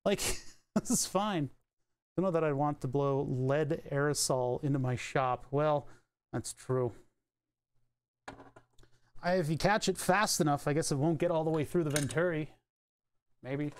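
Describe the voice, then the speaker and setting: A man's voice: fairly high pitch, steady tone, moderate pace, clean tone. A man chatting casually on a live stream while soldering at his electronics bench, rambling and thinking aloud with offhand swearing. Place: home electronics workbench.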